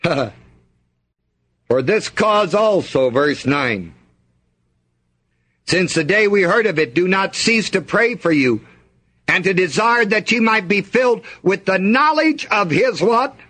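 Husky, slow-talking preacher man. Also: high voice, animated, a bit bright. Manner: reads scripture aloud and asks the congregation to fill in words. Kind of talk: sermon.

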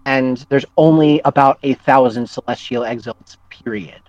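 A man's voice: mid-range voice, normal speed, a little mellow, no room sound. A man, a podcast guest, chatting enthusiastically about games, with many ums and restarts. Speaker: podcast guest, game writer. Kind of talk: casual chat about tabletop games. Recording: dry, dull lo-fi mic.

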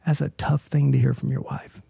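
A man's voice: medium pitch, flat delivery, normal speed, vocal fry, warm tone, breathy edge, no echo, clean studio sound. A middle-aged man, a guest in an interview, telling an emotional personal story in an earnest way and often checking in with "right?".

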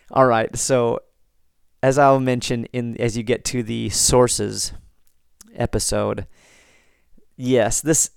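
An American man hosting a podcast, reading listener comments and chatting in a relaxed, rambling way with frequent restarts. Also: medium pitch, creaky, clean tone, no room sound, studio quality. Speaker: podcast host.

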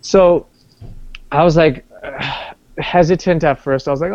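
A man telling personal stories in casual conversation, animated, with many restarts and acted-out quotes. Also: on the high side, slow pace, long pauses, no echo. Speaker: guest. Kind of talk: casual storytelling. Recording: dull lo-fi sound.

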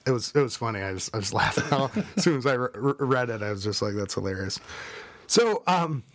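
A man hosting a casual podcast in a relaxed, meandering way. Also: medium pitch, fairly quick, no room sound. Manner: easygoing, many fillers and restarts. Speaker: podcast host.

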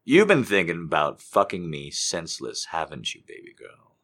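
A man voicing a dominant, seductive grown man in a slow, breathy whispered role-play. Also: very animated, a bit bright, heavily acted. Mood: soothing. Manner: slow, low, breathy murmur.

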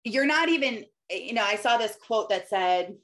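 A woman's voice: mid-range voice, expressive, moderate pace, fairly bright tone. Earnest woman in a heartfelt faith talk. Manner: earnest, conversational, acts out little quoted voices. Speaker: Christian business owner sharing faith. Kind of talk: personal faith talk to followers.

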